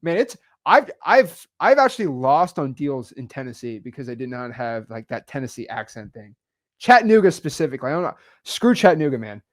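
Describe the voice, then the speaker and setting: A young man hosting a casual podcast chat, energetic and emphatic, full of slang. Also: mid-range voice, fairly quick. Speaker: podcast host, real estate investor.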